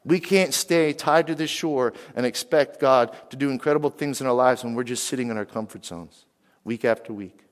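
A man's voice: medium pitch, normal speed. Middle-aged guy preaching a sermon, keeps asking the crowd stuff, big hall echo. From western Pennsylvania. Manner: animated, asks the crowd questions. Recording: long hall reverb.

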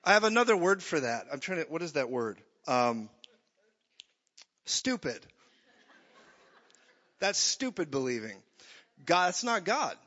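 A man preaching an energetic sermon, joking and acting out voices as he goes. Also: on the high side, a little slow, pauses often. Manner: animated, jokey, acts out voices. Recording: dull echoey hall.

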